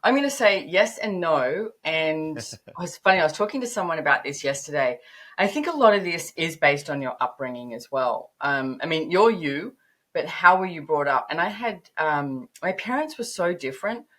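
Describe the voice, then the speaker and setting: Woman, fifties, low voice, animated storyteller, podcast guest. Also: normal speed. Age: 50s. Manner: animated storytelling, rising to emphatic peaks. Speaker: podcast guest, business author. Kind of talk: conversational interview.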